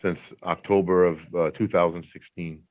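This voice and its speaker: A man in his fifties, a parole applicant answering questions at a hearing, polite and halting. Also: low-pitched, flat delivery. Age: 50s. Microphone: remote audio link from a prison. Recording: tinny phone-like remote line.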